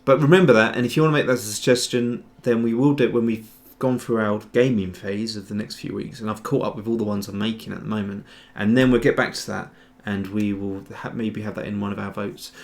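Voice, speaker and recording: A man's voice: on the low side, steady tone, quick pace, creaky, hardly any pauses. A man hosting a casual livestream tutorial, rambling and chatty as he answers viewer chat while he works. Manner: rambling, chatty, trails off and restarts. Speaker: host, 3D sculptor.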